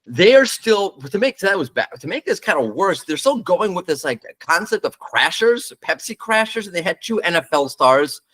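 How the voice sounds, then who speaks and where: A man's voice: high voice, very animated, moderate pace, hardly any pauses, a bit bright. A man talking casually and bluntly, giving his opinions on brand ads as the host of a marketing show. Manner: blunt, opinionated, talks off the cuff with fillers. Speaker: marketing commentator. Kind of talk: casual solo commentary.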